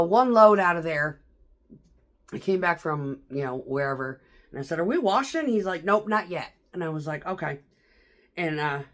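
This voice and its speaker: Chatty, laughing woman telling work stories. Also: on the low side. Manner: chatty, profane, laughs often. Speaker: vlogger. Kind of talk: casual storytelling vlog.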